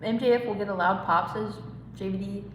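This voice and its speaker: A woman's voice: medium pitch, fairly even intonation, a little fast, reverberant, long reverb tail, a little hiss or hum, low-quality recording. A woman hosting a casual live stream, rambling, giggling and reading chat comments aloud. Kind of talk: casual watch-along chat.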